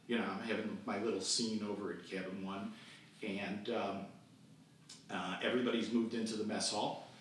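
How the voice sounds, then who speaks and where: A man in his sixties, a podcast guest, telling a childhood camp story and acting out the voices of the people in it. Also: on the low side. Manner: animated storyteller who acts out quoted voices. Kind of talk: storytelling interview. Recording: distant echoey remote recording with faint noise.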